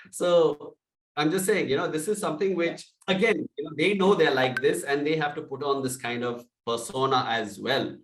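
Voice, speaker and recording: Loud energetic man coaching sales, roomy sound. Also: a little high, normal speed, distant mic. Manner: loud, energetic, acts out sample calls. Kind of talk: sales training talk.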